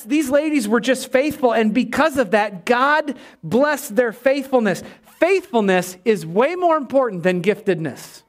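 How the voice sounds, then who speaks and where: Male pastor, high voice, lively sermon delivery with congregation asides. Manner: energetic preaching with call-and-response asides. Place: church.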